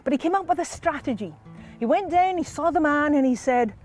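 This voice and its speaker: A Scottish woman telling a folk tale to a live audience in an animated, conversational way. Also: high voice, fairly quick, soft background music. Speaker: storyteller.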